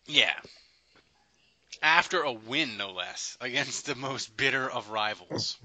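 Podcast host guy, super bright voice, bouncy and jokey. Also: mid-range voice, slow pace, no room sound, rough recording. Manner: animated, laughing, teasing. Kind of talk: casual sports podcast chat.

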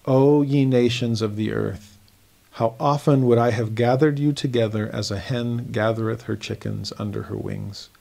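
A man with a gravelly, fry-edged voice at a middle pitch, teaching scripture in a devotional lesson. He reads verses slowly and earnestly, pressing upward in emphasis on key phrases. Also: dark tone. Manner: slow, earnest reading of verses with emphatic rises.

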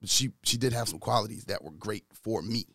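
A man talking earnestly from his own experience in a casual discussion, getting louder and higher when he retells an argument. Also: fairly quick, no echo, clean studio sound. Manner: earnest, speaks from personal experience.

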